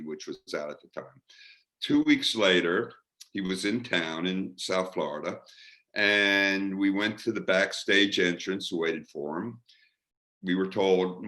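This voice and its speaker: A middle-aged man, a radio interviewer, telling lively anecdotes in a casual panel talk and mimicking the people he quotes. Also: lowish voice, normal speed, rough recording.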